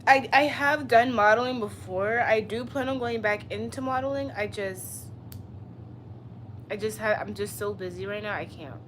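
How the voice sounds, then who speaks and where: A woman's voice: mid-range voice, normal speed, a bit bright, slight background noise. A woman in her twenties chatting casually on a live stream, answering viewers with blunt, profane, sassy comebacks. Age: 20s. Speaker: livestreamer.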